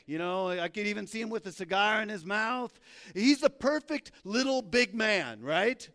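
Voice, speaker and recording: A man preaching a sermon in a church, reading scripture aloud and telling the story with playful, animated asides. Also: high-pitched, normal speed. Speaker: pastor. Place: church sanctuary. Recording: long hall reverb.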